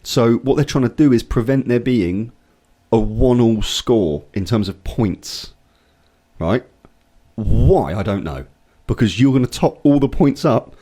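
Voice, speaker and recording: A young man chats on a casual podcast, acting out the people in his anecdotes as he goes. His voice is mellow and darkish but swings widely in pitch, and he swears freely. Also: a little slow. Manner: animated storytelling, swears often, acts out voices in anecdotes. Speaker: podcast co-host. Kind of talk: casual chat.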